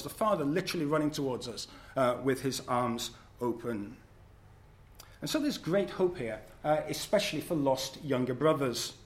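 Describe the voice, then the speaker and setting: A man preaching a sermon at a church service, earnest and measured, with occasional fillers as he reads and explains scripture. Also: on the high side.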